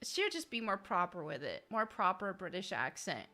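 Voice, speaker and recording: A woman's voice: on the low side, very animated, moderate pace, pushed and bright, faint music behind. A woman streaming a game, chatting casually and reading viewer messages aloud, giggly and chatty with lots of fillers.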